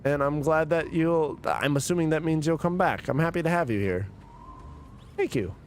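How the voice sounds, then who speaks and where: A man's voice: on the high side, normal speed, slight background noise. A drunk man streaming a story game, rambling, swearing and chatting with his viewers. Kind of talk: casual let's-play commentary.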